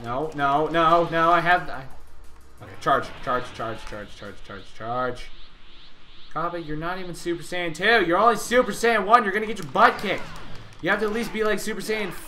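A young man hosting a gaming channel, giving excitable live commentary on his gameplay and yelling taunts at the enemies. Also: on the high side, moderate pace, faint music behind.

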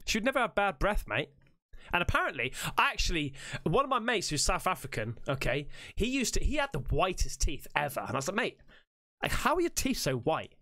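A man's voice: high voice, huge pitch swings, brisk, pushed and bright. A man hosting a reaction video, swearing and joking crudely as he comments on clips. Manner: crude, swearing, jokey and exclaiming.

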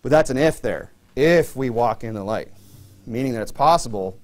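A male pastor preaching a sermon in a conversational way, leaning on fillers and rising in pitch to stress his points. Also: animated, moderate pace, a little mellow.

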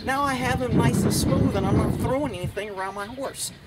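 Folksy high-voiced horse trainer outdoors. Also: male voice, fairly quick. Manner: folksy, blunt, talks gently to his horse. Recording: distant camera audio, loud outdoor noise.

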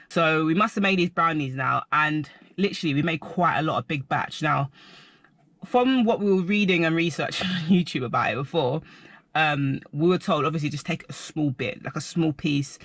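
Young guy, casual vlog story, bright forceful tone, dry close sound. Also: on the high side, brisk, dry recording. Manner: rambling, animated, heavy filler words. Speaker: vlogger.

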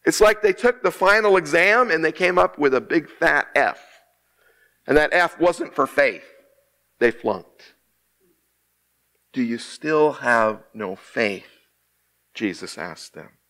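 A man preaching a sermon as associate minister in a church, slow and emphatic, with dramatic pauses and quiet hushed drops. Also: a little high, lively intonation. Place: church sanctuary.

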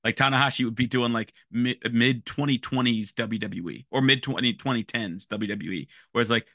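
A man on a casual podcast, calmly explaining and giving his predictions. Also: mid-range voice, dry recording, studio quality. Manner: measured, explanatory, some restarts. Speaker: podcast guest analyst. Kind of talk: casual wrestling chat.

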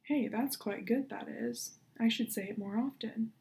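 A woman's voice: on the high side, measured pace, gravelly, warm tone. A woman voicing a smug male house cat who talks, dry and self-satisfied, in a storybook reading.

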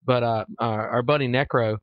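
Deadpan man on dull lo-fi audio. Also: medium pitch, normal speed, dry recording. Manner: deadpan, offhand, hesitant restarts. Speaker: podcast co-host. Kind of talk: casual chat.

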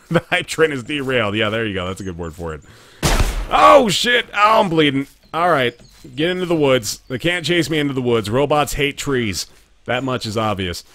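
A man's voice: mid-range voice, big pitch swings, normal speed, pushed and bright, slight background noise. A young man streaming a game live, chatting to viewers and swearing and yelping whenever danger hits. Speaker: gaming streamer. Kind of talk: live let's play commentary.

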